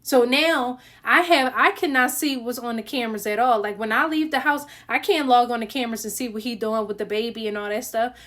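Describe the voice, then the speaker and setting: Young woman, casual storytime delivery, talks straight to camera, higher voice. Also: a bit bright. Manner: chatty, talks straight to the viewers with lots of fillers.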